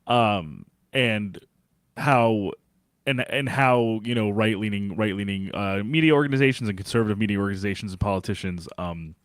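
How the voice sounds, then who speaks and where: A man's voice: fairly low pitch, normal speed, no echo, clean studio sound. A man co-hosting a sports podcast in casual chat, rambling with many fillers and restarts. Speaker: podcast co-host.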